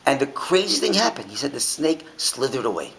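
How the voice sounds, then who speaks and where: A man's voice: mid-range voice, very animated, a little fast, gravelly, background noise. A man teaching an informal Torah class, asking his listeners many rhetorical questions and often restarting his sentences.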